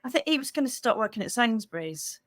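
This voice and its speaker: A middle-aged woman with a British accent, a psychic medium hosting a casual livestream for members, chatty and animated with quick asides, speaking into a computer mic. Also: fairly high pitch, no room sound, clean studio sound. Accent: British English. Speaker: psychic medium and channel host.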